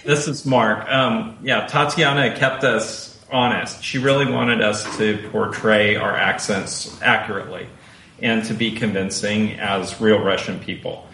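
A man's voice: lowish voice, steady tone, measured pace, bright, forceful tone. A man voice actor on an interview panel, speaking in an earnest, self-deprecating way and laughing easily. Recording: roomy room echo.

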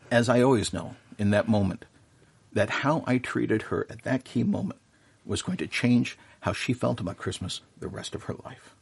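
Husky-voiced man telling heartfelt stories. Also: medium pitch. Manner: warm, earnest storyteller with many fillers and restarts. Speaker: professional Santa performer, radio guest. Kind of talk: casual storytelling in an interview.

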